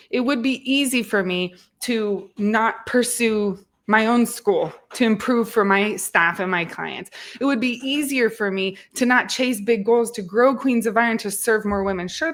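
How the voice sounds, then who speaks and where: A woman's voice: a little high, fairly bright tone. A woman in her thirties hosting a fitness podcast, talking earnestly and motivationally about failure and perseverance. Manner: earnest, motivational, self-reflective. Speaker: fitness podcast host and coach. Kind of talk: casual podcast chat.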